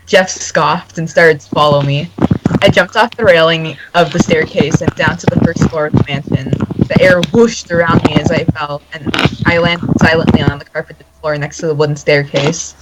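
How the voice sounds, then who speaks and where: A young narrator reading a fan story aloud to friends, giggling and stumbling over words. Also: mid-range voice. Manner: giggly, stumbles and corrects itself while reading. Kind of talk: casual group reading on a voice call. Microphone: voice call mic. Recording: very noisy voice call audio.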